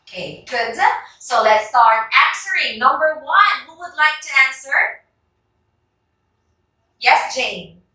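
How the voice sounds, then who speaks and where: A woman's voice: high voice, big pitch swings, slow, pauses often, pushed and bright. A woman with a Filipino English accent teaching a class, calling on students by name and checking that they understand. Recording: very echoey classroom from far off.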